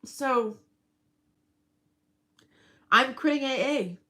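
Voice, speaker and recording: A woman's voice: sits high, very slow, a bit bright, poor audio. A middle-aged woman rambling through a casual personal vlog, emotional and breaking into laughs. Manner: rambling, emotional, laughs often mid-sentence. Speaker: vlogger.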